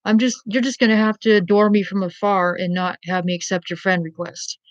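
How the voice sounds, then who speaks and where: A woman vlogger rambles to her camera in a blunt, profane rant, often checking in with "you know what I mean?" Her voice sits at a middling pitch. The recording is dry, with a slightly muffled, lo-fi sound. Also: steady tone, fairly quick, few pauses, dry recording.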